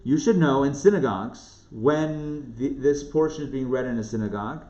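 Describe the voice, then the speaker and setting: A man's voice: mid-range voice, normal speed, mellow. A man giving a casual Torah lesson as a rabbi, talking conversationally and asking his listeners questions. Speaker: rabbi teaching a live online class. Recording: echoey room, dull lo-fi sound.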